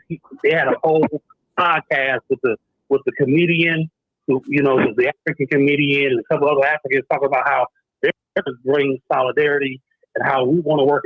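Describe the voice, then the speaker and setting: A man's voice: mid-range voice, no room sound. A man co-hosting a podcast who gives long, meandering explanations over a remote line. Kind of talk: casual debate talk. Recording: tinny phone-like remote line.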